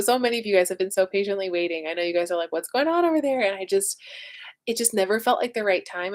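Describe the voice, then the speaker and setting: A woman, chatting casually and emotionally with viewers as host of a livestream. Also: on the low side. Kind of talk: casual live chat with viewers.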